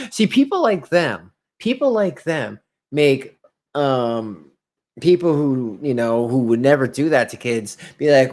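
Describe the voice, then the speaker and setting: A man hosting a casual reaction video, animated and incredulous, laughing often as he mocks what he watches. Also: medium pitch, slow pace. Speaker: reaction commentary host.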